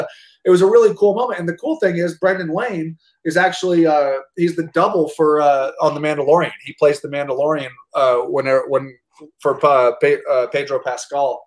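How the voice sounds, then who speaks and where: A man in his thirties tells stories quickly and animatedly, tripping over his own words and dropping the odd swear word. His voice carries a noticeable room echo, like he is sitting in an untreated space, and he moves along briskly. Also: a little high. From United States. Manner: animated, rambling with many restarts and casual swearing. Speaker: actor and army veteran, guest. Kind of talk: casual storytelling interview. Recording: roomy echo.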